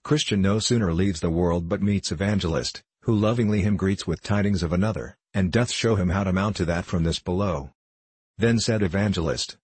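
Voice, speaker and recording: Male audiobook narrator, deep and husky, measured formal delivery, dry close sound. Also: darkish tone, no room sound. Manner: measured, formal old-fashioned phrasing. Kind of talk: audiobook narration of an old allegory.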